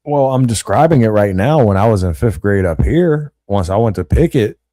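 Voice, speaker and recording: A man's voice: lowish voice, moderate pace, no room sound. A young man, telling school stories in casual, slangy chat as a podcast host and acting out what others said. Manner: animated, slangy, acts out quotes.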